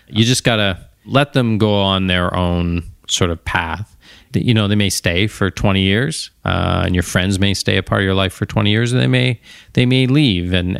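A man's voice: low-pitched, vocal fry, a bit bright, smooth, no echo, clean studio sound. A man hosting a podcast on his own, talking casually and wandering off into tangents. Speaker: podcast host. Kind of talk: casual solo monologue.

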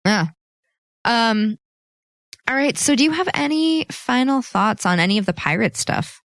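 A woman in her twenties co-hosts a podcast, chatting casually in an animated, giggly way and laughing often. Her voice sits a little high and moves at an unhurried pace. The recording is studio quality with no echo.

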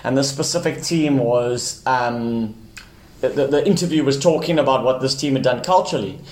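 A man's voice: mid-range voice, normal speed, darkish tone. Hesitant man hosting a podcast. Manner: hesitant, repeats words when starting. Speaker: podcast host. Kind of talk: podcast conversation. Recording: roomy echo.

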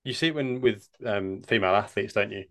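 A man's voice: fairly low pitch, brisk, a bit bright. A man co-hosting a podcast, chatting in an easygoing, agreeable way. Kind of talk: casual chat.

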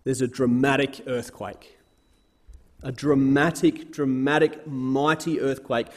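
A man's voice: medium pitch, flat delivery, slow pace. A man giving an earnest Bible talk as a sermon, repeating words for emphasis and raising his voice when reading scripture. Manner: reads scripture aloud with rising force.

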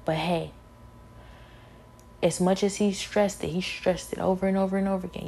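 A woman delivers an impassioned sermon in a low, warm, mellow voice. She sounds worn out and weary. She hammers her points through repetition and builds to emphatic, forceful peaks. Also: steady tone, normal speed, creaky, slight background noise.

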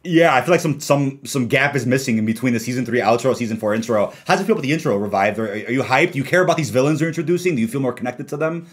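Fast-talking young man hosting a gaming chat. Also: medium pitch. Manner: rapid, animated, argumentative. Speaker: podcast host. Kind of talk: casual gaming podcast chat.

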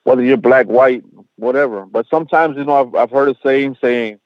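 A rapper speaks in a loose, streetwise way, swearing freely and mixing in bits of Spanish. His voice sits at an ordinary pitch for a man. The sound is dry and a little dull, like a budget podcast mic. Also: fairly quick, no echo. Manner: slangy, profane, peppered with "bro" and "you know what I'm saying"; mixes in Spanish phrases. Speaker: rapper guest. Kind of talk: casual interview chat.

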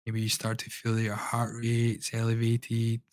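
A man, a breathwork coach, guiding listeners through a breathing exercise with calm, slow, soothing instructions. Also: medium pitch, no echo.

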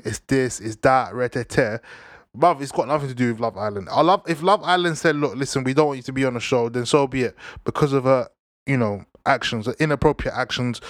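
Young London lad hosting a chat show, slangy and repetitive, mid pitch, recorded close and dry. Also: male voice, dry recording. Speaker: podcast host. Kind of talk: casual news and football chat.

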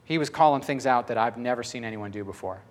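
A man preaching a sermon, telling a personal story and acting out the voices in it, swinging from loud to hushed. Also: mid-range voice, fast.

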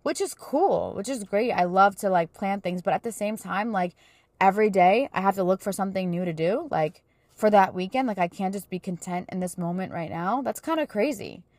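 A woman's voice: mid-range voice, a little fast, darkish tone, dry recording. A young woman hosting a casual faith-based podcast, chatting with lots of "like" and "you know". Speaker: podcast host.

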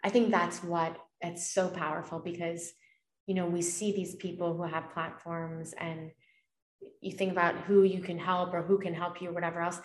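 A woman's voice: on the low side, flat delivery, moderate pace, echoey room. A woman co-hosting a conversation who speaks earnestly and reflectively about spiritual matters. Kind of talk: casual conversation.

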